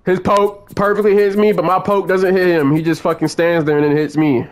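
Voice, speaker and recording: A man's voice: high voice, little pitch movement, a little fast. A young man giving gameplay commentary as a channel host, angrily ranting and cursing at the game. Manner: angry, profane ranting at the game. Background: game music.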